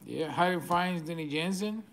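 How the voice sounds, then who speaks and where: A man's voice: fairly high pitch, slight background noise. A man with a Venezuelan Spanish accent, hosting a card break and rattling off names as he opens packs. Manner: rapid-fire listing of cards, excitable, chuckling. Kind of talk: live card-opening commentary.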